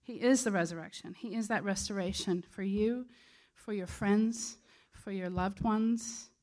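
A woman's voice: medium pitch, measured pace, a little mellow. A woman preaching a sermon in an earnest, conversational way.

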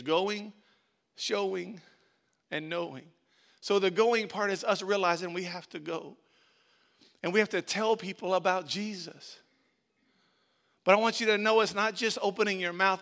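A man's voice: sits high, sharp tone. A man preaching a sermon as pastor, repeating phrases and building emphasis.

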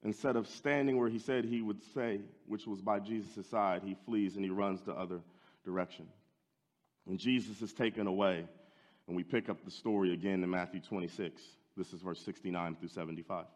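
A male preacher telling a story in a sermon with strong drama. He builds up loud, then drops to a hushed, heavy delivery. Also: deep voice, fairly even intonation, brisk, long reverb tail.

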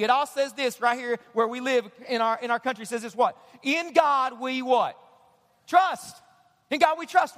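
High-voiced energetic male preacher. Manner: energetic preaching, calls for audience response. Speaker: pastor. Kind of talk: sermon. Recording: long hall reverb.

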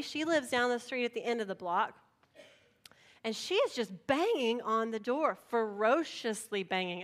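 A middle-aged woman pastor preaching a sermon, telling a story in an animated way and acting out voices. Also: on the high side.

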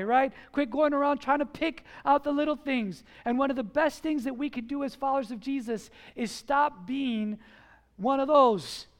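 A man preaching a sermon as pastor in a church, emphatic and full of rhetorical questions. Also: very high voice.

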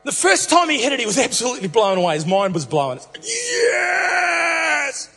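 A man preaching, retelling a story in a playful, animated way with many restarts. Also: high-pitched, fast. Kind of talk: humorous sermon storytelling. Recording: reverberant hall, faint music.

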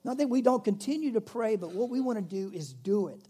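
A male pastor preaching a conversational sermon to his church, growing animated when he stresses a point. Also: sits high, a little fast, breathy edge. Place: church in Myrtle Beach.

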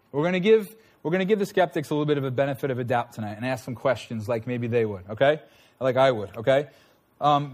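A man preaching a sermon in a conversational way, often checking in with his listeners. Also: on the high side. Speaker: pastor.

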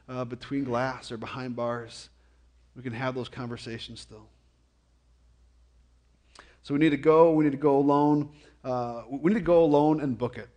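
A man preaching a conversational sermon as a pastor, often repeating and stumbling over words, with jokey, animated asides. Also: mid-range voice. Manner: frequent stammered repetitions.

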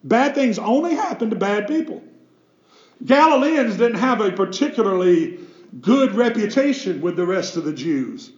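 A man's voice: high voice, sing-song, normal speed, darkish tone, roomy sound, muffled recording. A man, a pastor, preaching a sermon with emphatic delivery and rhetorical questions.

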